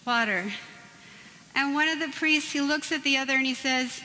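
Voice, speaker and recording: A woman's voice: sits high, normal speed, sharp tone. A woman in her forties giving a Catholic talk in a church, telling stories and jokes with playful asides to the audience. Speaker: Catholic speaker. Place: church hall. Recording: reverberant church with faint background noise.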